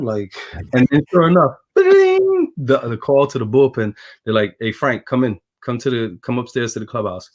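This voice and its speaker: At a moderate pace and medium pitch, a Brooklyn, New York native and former baseball pitcher spins stories as a guest in a casual interview. He's animated, acting out each voice he quotes.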